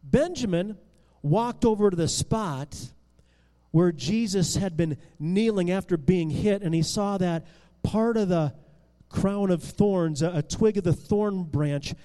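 A male storyteller with a high voice recounts a Bible story with lively drama, stumbling into restarts and rising and falling in loudness. His voice carries a long reverb. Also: slow pace. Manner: expressive, with restarts and swings in loudness.

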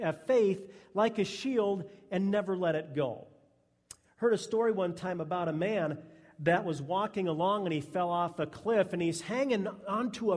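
A pastor preaching a sermon at a Sunday church service, earnest and emphatic. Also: male voice, sits high, a little mellow. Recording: long echo of a church hall.

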